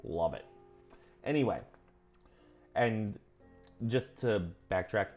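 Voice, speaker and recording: Earnest rambling man with a low voice. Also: takes it slowly, faint music behind. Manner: earnest, self-correcting, goes off on tangents; animated, pitch jumps up when emphatic. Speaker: vlogger reading and commenting on a witchcraft book. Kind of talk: casual rambling vlog commentary.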